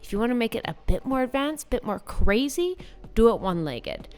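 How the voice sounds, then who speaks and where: A woman's voice: on the high side, very animated, fairly quick, faint music behind. A young adult woman narrating a casual workout vlog, breezy and chatty, with lots of "like" fillers. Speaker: fitness vlogger.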